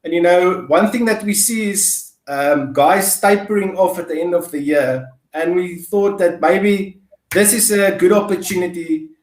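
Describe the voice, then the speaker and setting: A South African man with a high-pitched voice co-hosts a casual business chat. He rambles, repeating words and filling pauses with "um". The sound is roomy and echoey. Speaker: co-host.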